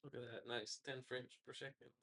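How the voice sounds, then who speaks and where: A woman's voice: extremely low pitch, little pitch movement, moderate pace, fairly bright tone. A woman helping off camera, making dry, teasing remarks in casual chat.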